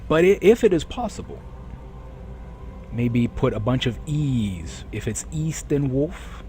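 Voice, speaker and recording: A man streaming a game live, chatting with viewers in a rambling way. He keeps correcting himself and clearing a sore throat. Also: mid-range voice, very animated, unhurried, warm tone, slight background noise. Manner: rambling, self-correcting, reads chat aloud. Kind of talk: casual live-stream chat.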